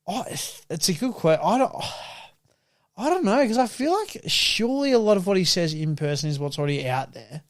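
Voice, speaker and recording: Lively man, bright high voice. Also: normal speed, no echo, studio quality. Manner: animated storyteller, acts out quotes loudly. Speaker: podcast co-host. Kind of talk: casual chat.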